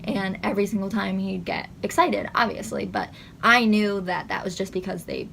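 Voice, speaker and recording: A young woman speaking to her channel, recounting a painful memory in a soft, halting way. Her voice sits in a middle register and is textured with a noticeable vocal fry. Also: mid-range voice, steady tone, a little hiss or hum. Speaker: vlogger. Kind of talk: personal storytime recounting.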